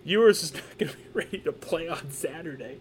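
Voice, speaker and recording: Male podcast co-host, higher voice, lively and jokey, casual sports chat. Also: brisk, slight background noise. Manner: animated, joking, repeats himself. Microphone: podcast microphone.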